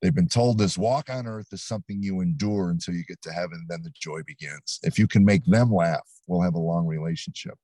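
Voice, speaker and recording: An older man, a comedian, telling stories in an interview, animated and acting out quotes. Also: sits low, a little fast, few pauses, no room sound. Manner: animated storyteller, acts out quotes. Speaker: comedian guest. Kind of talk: storytelling interview. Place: studio set.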